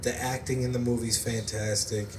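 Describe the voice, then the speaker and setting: A man's voice: mid-range voice, level tone, moderate pace. A man from the United States hosting a podcast, telling rambling stories in casual chat and laughing often. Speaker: podcast host. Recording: roomy, distant mic, faint background noise.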